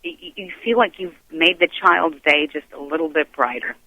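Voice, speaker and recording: Man, radio host, effusive and gushing, higher voice, tinny phone line, dry sound. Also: moderate pace, no room sound. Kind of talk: casual interview chat.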